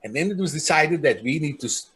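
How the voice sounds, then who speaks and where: A man's voice: lively intonation, quick pace, breathy edge. A community leader speaking earnestly, recounting his people's hardships and acting out the voices of those he quotes. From South Africa. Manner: earnest, acts out the voices of people he quotes, drops soft and low on grave points. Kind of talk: personal storytelling speech.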